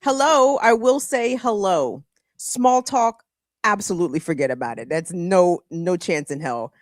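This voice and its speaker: A woman's voice: on the low side, animated, a little slow, no echo, studio quality. A woman co-hosting a morning talk show, joking in a playful, blunt, salty way. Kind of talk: casual radio banter.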